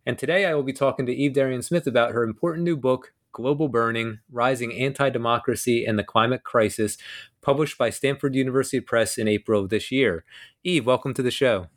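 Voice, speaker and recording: Halting male podcast host. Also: mid-range voice. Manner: halting, many fillers. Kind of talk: podcast interview.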